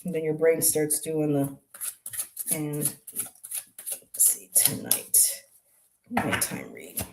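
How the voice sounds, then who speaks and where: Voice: medium pitch, sing-song, very slow, gravelly, noisy background. A tarot reader on a live stream who explains each card in a musing, hesitant way, with many ums and restarts. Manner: explains card meanings aloud.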